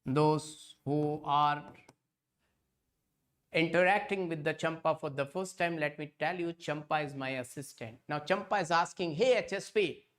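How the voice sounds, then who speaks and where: A man's voice: fairly high pitch, unhurried, fairly bright tone. A man teaching an online exam-prep lecture. He repeats points again and again and keeps calling his students kids.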